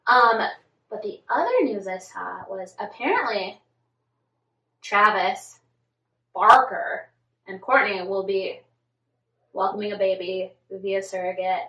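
A woman's voice: mid-range voice, animated, takes it slowly, pauses often, pushed and bright. A woman co-hosting a podcast, chatting casually about celebrity gossip and filling her talk with "like". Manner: chatty, many "like" fillers. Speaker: podcast co-host. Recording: echoey room, far from mic.

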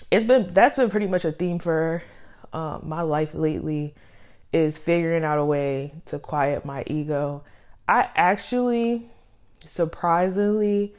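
A woman's voice: low-pitched, a little mellow. A young woman hosting her own podcast, talking casually and a little out of breath, with lots of fillers and laughs. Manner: rambling, filler-heavy, laughs often. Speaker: podcast host. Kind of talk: casual solo podcast talk. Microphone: studio microphone.

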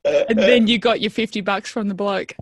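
A woman's voice: mid-range voice, normal speed, no room sound, studio quality. A woman hosting a podcast interview, prompting her guest with questions. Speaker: podcast host. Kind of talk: conversational interview.

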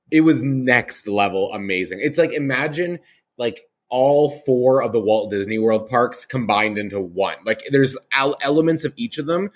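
Chatty, enthusiastic male podcast host. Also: medium pitch. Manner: chatty and enthusiastic, with many fillers and restarts. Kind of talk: casual podcast chat.

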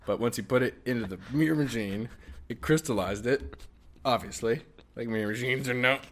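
A man's voice: medium pitch, brisk. A young man co-hosting a comedy podcast, rambling through improvised bits with lots of laughing and swearing. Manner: rambling, laughing, swearing, jumps into silly voices. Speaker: podcast co-host.

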